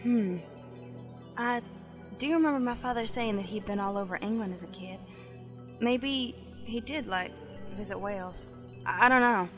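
A woman's voice: on the high side, moderate pace, long pauses, music in the background, lightly acted. A young woman playing a polite door-to-door church missionary in an audio drama. She speaks with courtesy and says ma'am often.

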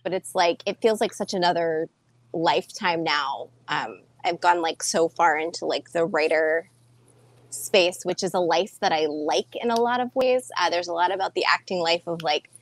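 A woman writer guesting on a podcast, speaking reflectively and often pausing on fillers in casual chat. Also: on the low side.

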